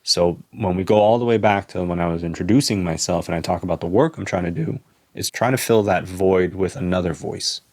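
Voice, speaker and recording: Low gravelly guy talking earnestly as a podcast guest, lots of "like" and "right?". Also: fairly quick, darkish tone. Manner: earnest, persuasive, peppers speech with "like" and "right?". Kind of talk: casual interview talk.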